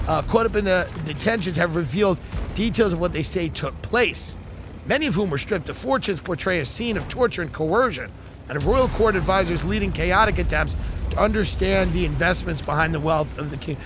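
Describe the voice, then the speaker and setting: A man's voice: sits high, animated, a little fast, a bit bright, soft background music. A man hosting a comedy podcast, reading a news article aloud and breaking off into sarcastic joking asides.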